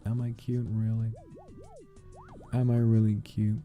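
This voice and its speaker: A man's voice: on the low side, monotone, unhurried, pauses often, warm tone, soft background music. A male streamer chatting casually and playfully, bursting into mock-outraged rants and snatches of song. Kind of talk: casual live-stream chat.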